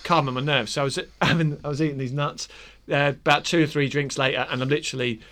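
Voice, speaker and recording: A man with a Norfolk accent rambles through a story among mates, stumbling over restarts and swearing as he goes. His voice is bright and forceful and sits a little high. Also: fairly even intonation, quick pace. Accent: Norfolk English. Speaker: podcast co-host telling a story. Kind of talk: casual banter.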